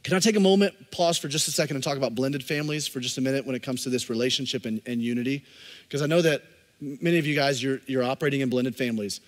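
A man in his thirties preaching a sermon as pastor, swinging from loud, emphatic lines to soft, close asides. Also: mid-range voice, racing, in a large hall. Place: church sanctuary.

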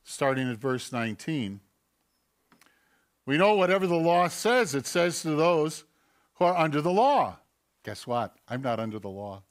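A man preaching from the pulpit of a church, his voice pitched a little higher than most men's. He delivers an animated sermon, firing off rhetorical questions and slipping into acted-out voices to make his points. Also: a little slow, long pauses. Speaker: pastor. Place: church sanctuary.

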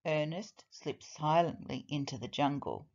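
A woman teacher reading a children's storybook aloud in an expressive, deliberate way. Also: deep voice, lo-fi sound.

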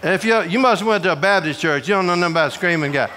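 A man from Georgia, preaching a humorous storytelling sermon to a prison audience in a folksy, animated way. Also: high voice, racing, a little hiss or hum. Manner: folksy, animated, acts out voices in his stories.

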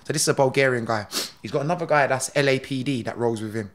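A middle-aged man, a podcast guest telling stories in a lively, slangy way with laughs between lines. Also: medium pitch, fast talker. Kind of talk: animated storytelling.

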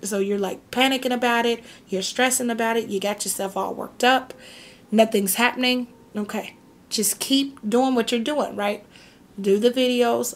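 A woman doing a casual tarot reading, chatty and reassuring, who keeps checking in with "okay?" and "right?". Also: on the high side. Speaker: tarot reader.

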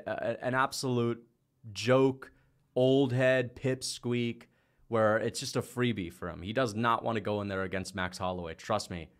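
A young man hosting a fight-reaction livestream, chatting loosely, swearing and reading out viewer donations. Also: medium pitch. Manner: loose, swears often, excitable outbursts.

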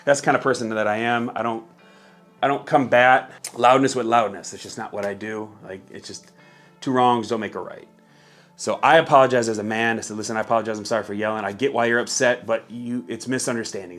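A man casually telling a story from his old job to camera, candid and often profane. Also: mid-range voice. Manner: candid, profane, laid-back.

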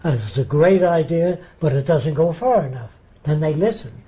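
A man's voice: fairly high pitch, normal speed. An older man being interviewed, telling anecdotes and acting out the voices of the people in them. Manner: animated storyteller acting out quoted voices. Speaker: interviewee, futurist. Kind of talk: anecdotal storytelling.

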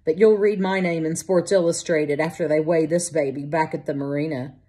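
A woman's voice: low voice, fairly even intonation, a little fast, warm tone, close to an everyday voice. A woman reading an audiobook voices a proud, exhausted young man fighting a huge fish, stubborn and gasping. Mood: defiant.

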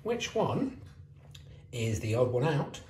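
A man teacher asking young children maths quiz questions in a slow, sing-song way. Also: medium pitch, sing-song, darkish tone. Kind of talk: early years maths quiz video. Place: home kitchen. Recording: roomy echo.

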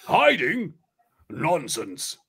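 A man reading a curt young female dragon keeper in his own voice, brisk and dismissive. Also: mid-range voice, big pitch swings, bright, forceful tone, full character voice.

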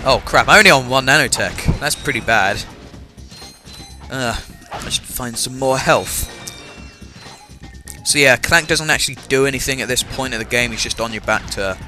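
A man's voice: medium pitch, normal speed, long pauses, bright, forceful tone. A young man with an English accent and a slight cough, chatting casually while he plays a game. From England. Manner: chatty, self-mocking, many fillers. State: has a cough. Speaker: let's-play gamer. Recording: voice over game music.

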